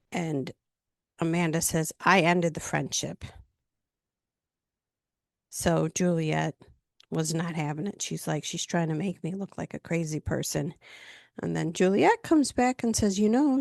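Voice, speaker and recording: A woman's voice: fairly low pitch, gravelly, no room sound, studio quality. A woman casually recapping a reality TV episode, retelling the scenes in a chatty way with lots of fillers.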